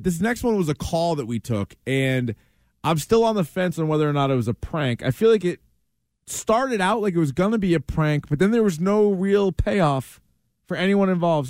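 A man's voice: on the high side, a little mellow, no echo. A man hosting a sports talk radio show, chatting casually and animatedly with lots of fillers.

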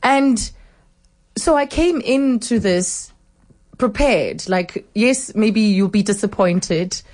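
A woman hosts an interview with stage actors and asks her questions slowly and thoughtfully. Her voice sits at a middle pitch, and she often laughs between her questions. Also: a little mellow. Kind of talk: arts interview.

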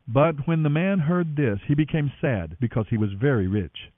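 A man reading scripture aloud in an expressive, dramatic way, giving each speaker a voice. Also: mid-range voice, normal speed, hardly any pauses, no echo. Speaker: Bible reader. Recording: dry, tinny phone-like sound.

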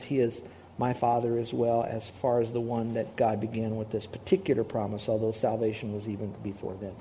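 A middle-aged man preaching a sermon as pastor, animated and repeating words for emphasis. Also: mid-range voice, a little hiss or hum. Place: church in Hawaii.

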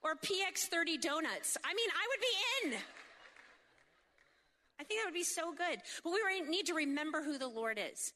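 A woman delivering a humorous sermon in a high, bright voice, animated and jokey, full of quick asides. She keeps checking in with the crowd through rhetorical questions. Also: a little hiss or hum. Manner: seeks agreement with frequent rhetorical questions. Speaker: speaker at a faith event.

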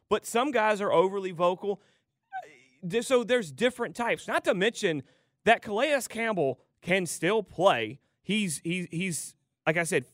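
A man co-hosting a morning sports radio show, talking casually and getting excited about players. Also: high voice, no echo, clean studio sound.

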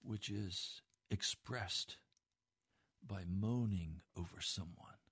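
A man preaching a sermon, moving from hushed, slow phrases to impassioned pleading. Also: low-pitched, breathy edge.

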